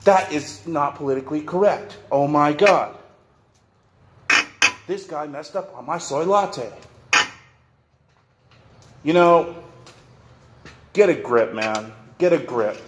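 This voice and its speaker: A man's voice: on the high side, lively intonation, slow pace, pauses often, echoey room. Rambling, cussing man in a noisy workshop. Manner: rambling, profane, repeats and restarts. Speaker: vlogger. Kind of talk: rant to camera.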